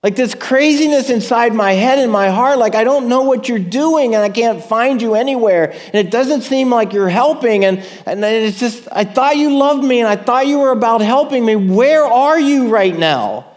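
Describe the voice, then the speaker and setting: A man's voice: high voice, animated, unhurried, hardly any pauses, darkish tone, voice pushed up. A man voicing an anguished psalmist who cries out to God in raised, strained pleas. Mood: desperate pleading. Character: desperate pleading male psalmist crying out to God.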